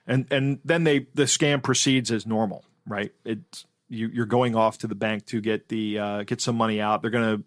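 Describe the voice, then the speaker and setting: A man's voice: lowish voice, steady tone, normal speed, no room sound, clean studio sound. A man co-hosting a podcast, casually telling a scam story and acting out the quoted voices. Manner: storytelling, acts out quoted voices, laughs easily. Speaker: podcast co-host. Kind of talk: casual chat.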